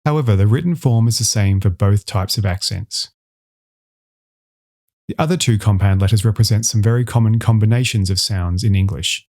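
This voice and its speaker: A man giving a scripted educational voice-over, clearly enunciating each example sound as he explains an alphabet. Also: fairly low pitch, moderate pace, darkish tone. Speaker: instructor.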